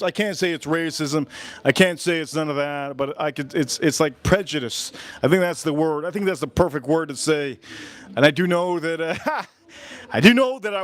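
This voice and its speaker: A man in his forties from the United States talks loosely to his livestream audience while he cooks, with a voice pitched a little above most men's. He rambles, circles back and repeats the same phrases while he hunts for the next words. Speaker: livestream cooking host. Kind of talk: casual livestream chat.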